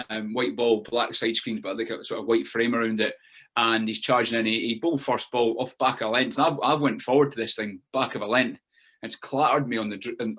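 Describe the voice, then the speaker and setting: A man's voice: medium pitch, a bit bright. Chatty man co-hosting a podcast. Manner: chatty, many restarts and fillers, says mate. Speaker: podcast co-host. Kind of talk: casual interview chat.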